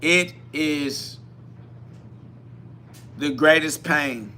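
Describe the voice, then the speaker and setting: A man hosting a live spiritual self-talk podcast, preaching in a repetitive style that swings from quiet musing to loud emphatic bursts. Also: on the high side, drawn-out words, slight background noise. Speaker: podcast host.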